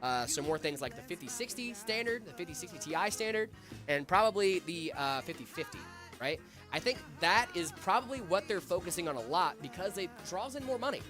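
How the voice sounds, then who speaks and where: Young male stream host, voice slightly off from illness, animated, chatty, rambling. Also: high-pitched, brisk, over music. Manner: chatty, rambling with fillers and asides to chat. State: voice slightly off after being sick. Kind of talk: casual livestream tech chat.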